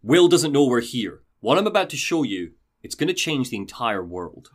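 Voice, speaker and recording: A showy male tech mogul acted out by a podcaster, smooth and grandiose like a salesman pitching. His voice swoops up for dramatic flourishes and slows down for emphasis. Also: very animated. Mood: secretive.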